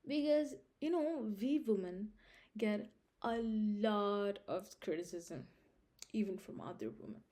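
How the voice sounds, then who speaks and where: A woman's voice: mid-range voice, lively intonation, measured pace, long pauses, warm tone. A young woman vlogging casual life advice straight to her viewers, emphatic and repetitive, often checking in with a question. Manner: emphatic, repeats points, checks in with "Understand?". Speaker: vlog host giving life advice. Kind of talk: casual direct-to-camera advice.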